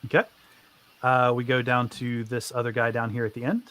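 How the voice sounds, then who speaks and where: A man narrating a tabletop game as game master, briskly and with many fillers. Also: mid-range voice, little pitch movement, a bit bright, a little hiss or hum.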